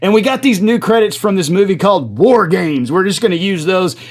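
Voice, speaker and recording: A man putting on a deliberately bad British accent to play a pushy TV director. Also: sits high, expressive, voice pushed up. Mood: coaxing. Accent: mock British, self-admittedly bad. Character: rough British TV director, male adult, pushy.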